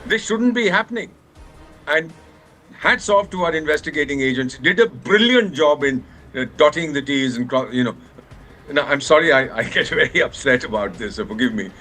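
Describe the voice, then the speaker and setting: A man's voice: fairly high pitch, lively intonation, moderate pace, bright, forceful tone, soft background music. An older man with an Indian English accent speaking as a news panel guest, impassioned and indignant, slipping into Hindi phrases. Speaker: panel guest, former ambassador. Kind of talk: heated panel debate.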